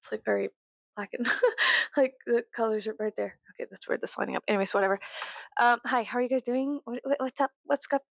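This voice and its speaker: Sitting in her bedroom, a young Southern US vlogger chats to camera fairly quickly with a creaky voice, rambling and swearing. She bursts out suddenly loud and high at times, and the recording is dry.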